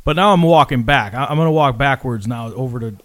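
A man's voice: medium pitch, fast, no echo, clean studio sound. A man telling a rambling, profane story in casual chat with friends, acting out the people in it. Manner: profane, rambling, animated retelling.

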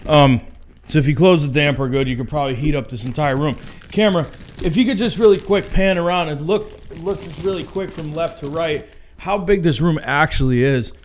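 A man's voice: fairly high pitch, brisk, a little hiss or hum. A man co-hosting a podcast in a large hotel room, rambling through a casual mock room tour on a wired mic, swearing and laughing often. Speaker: podcast co-host. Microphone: wired microphone on a cable.

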